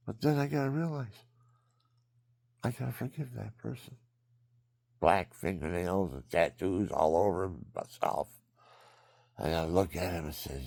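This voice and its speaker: An older man telling a rambling personal story, often dropping into hushed whispers and repeating himself. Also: low voice, measured pace, pauses often, no room sound. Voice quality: gravelly. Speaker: vlogger.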